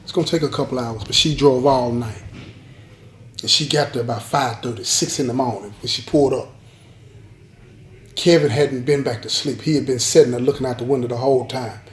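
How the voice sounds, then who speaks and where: A man's voice: mid-range voice, fairly quick. A man telling a dramatic story to his viewers, emphatic and repeating key lines, talking straight to the audience. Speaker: storyteller host. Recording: roomy echo.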